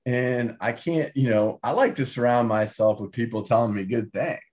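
A man talking as an interview guest and author, emphatic and animated, often tagging his points with "right?". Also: medium pitch, normal speed. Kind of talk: casual interview talk.

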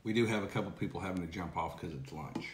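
Hesitant lower-voiced man co-hosting. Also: fast. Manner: hesitant, sheepish, filler-heavy. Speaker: co-host reading listener messages. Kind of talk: casual live chat. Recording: echoey room with faint noise.

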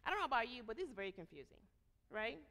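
A woman's voice: a little high, sing-song, racing, sharp tone. A woman giving a sermon as guest preacher, talking animatedly and acting out the voices she quotes, with rhetorical questions to the congregation. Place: church sanctuary. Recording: long church reverb.

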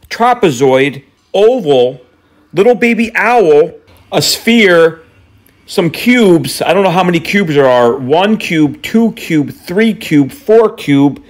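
A man placing a prank call in a slightly raised voice, reeling off absurd lists with a straight face. His delivery is deadpan and rambling, quietly playful. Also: on the high side. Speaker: prank caller.

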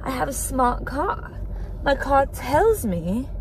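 Casting: young woman vlogger, slightly high voice, chatty and rambling. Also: very animated, takes it slowly, a little hiss or hum. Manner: bubbly, chatty, rambling with restarts. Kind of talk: casual vlog chat.

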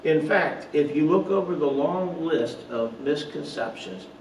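A man's voice: on the high side, expressive, a little slow, a little mellow, recorded from a distance, slight background noise. A man giving an earnest online Bible study sermon, asking rhetorical questions and making small slips and asides. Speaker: pastor. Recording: roomy echo, voice off-mic, faint ambience.

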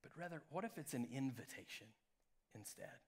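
A man preaching a live church sermon as pastor, swinging from loud peaks to hushed lows. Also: animated, a little fast. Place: church sanctuary.

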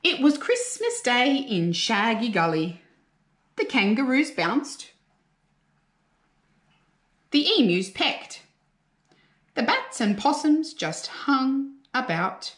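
A woman teacher reading a picture book aloud to young children, slow and expressive with a sing-song lilt. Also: on the high side. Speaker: primary school teacher. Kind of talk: children's storybook read-aloud. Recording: roomy echo.

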